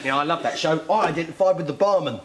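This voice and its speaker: A man's voice: fairly high pitch, fast talker, background noise, lightly acted. A man playing a blustering, sardonic pub landlord.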